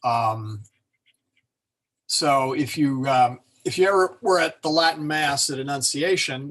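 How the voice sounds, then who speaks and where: A man's voice: mid-range voice, unhurried, fairly bright tone. A man teaching an informal class on Latin pronunciation, talking loosely with many fillers and restarts. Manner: hesitant, many fillers and self-corrections.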